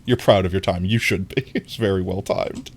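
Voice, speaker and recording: A live streamer chats casually during gameplay, playful and giggly, often jumping into a squeaky high voice. They speak into a desk microphone at normal speed.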